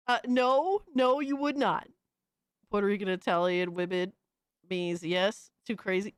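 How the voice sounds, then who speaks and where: A woman streamer reacting to clips live, with loud, incredulous exclaiming and cursing. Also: mid-range voice, a little slow, clean tone, dry recording, clean studio sound. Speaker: streamer host.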